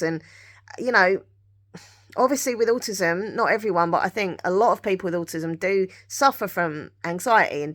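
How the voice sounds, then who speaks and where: A woman's voice: mid-range voice, a bit bright. A woman, talking candidly to her camera in a rambling, confiding way, full of restarts and asides. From England. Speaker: vlogger. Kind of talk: candid personal chat to camera.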